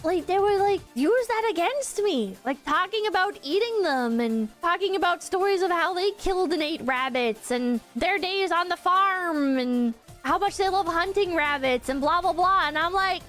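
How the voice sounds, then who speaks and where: Young female streamer, high-pitched, loose rambling delivery with frequent fillers; soft music bed. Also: lively intonation, normal speed, hardly any pauses. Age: young adult. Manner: rambling, frank, swears often, many fillers. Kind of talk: casual stream chat.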